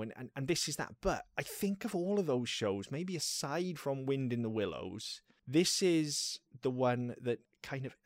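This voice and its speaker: A man's voice: medium pitch, no echo. Man, podcast co-host, enthusiastic casual chat, dry sound.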